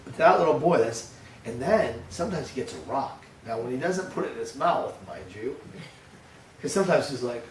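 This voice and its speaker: An older man, a pastor, giving a sermon with lively storytelling, acting out his grandson's voice. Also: mid-range voice, moderate pace, slight background noise. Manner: storytelling, animated, acts out a toddler's voice. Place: church. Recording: echoey church room heard from a distance.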